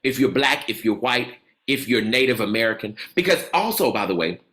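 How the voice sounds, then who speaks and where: A man leading an audience in an energetic call-and-response lecture, cheering answers and repeating them with excitement. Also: mid-range voice, brisk. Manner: exuberant, repeats cheers like "come on" and "absolutely".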